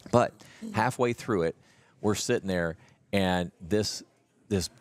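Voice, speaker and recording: Man, co-host, relaxed teasing storyteller, low voice, dry sound. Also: slow, no room sound. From Texas. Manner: laid-back, teasing anecdote teller. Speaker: podcast co-host. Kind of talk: casual chat.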